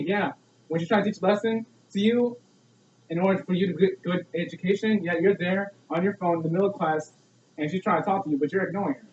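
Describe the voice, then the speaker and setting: A man's voice: high voice, brisk, a little mellow, a little hiss or hum. Young man giving an earnest speech. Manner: earnest, preachy, many rhetorical questions. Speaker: student speaker. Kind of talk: persuasive speech. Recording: echoey, distant, dull lo-fi.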